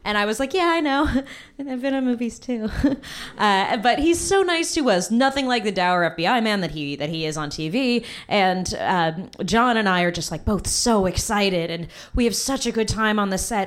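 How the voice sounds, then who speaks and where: A young woman telling a personal story on stage, lively and jumping high in pitch when quoting people. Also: brisk.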